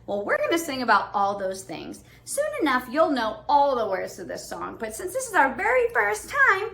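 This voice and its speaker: High, sing-song preschool teacher woman. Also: wildly swooping pitch, moderate pace, gravelly. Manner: bright sing-song teacher voice, leads a hello song. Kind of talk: online preschool lesson for small children.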